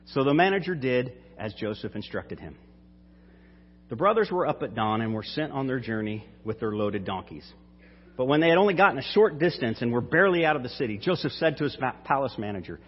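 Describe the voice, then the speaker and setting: A man's voice: mid-range voice, big pitch swings, fairly quick, husky. A man preaching and reading scripture, retelling the story in a casual storytelling way. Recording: dull hall reverb.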